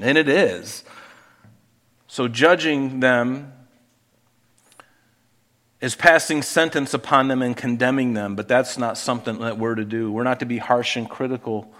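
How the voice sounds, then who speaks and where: This pastor is a middle-aged man with a medium-pitched, slightly bright voice. He delivers his sermon conversationally, throwing out rhetorical questions and often starting his sentences over.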